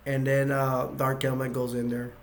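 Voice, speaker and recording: A man's voice: mid-range voice, monotone, moderate pace, slight background noise. A man giving a casual movie plot recap, rambling with frequent restarts and chuckles. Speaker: video reviewer.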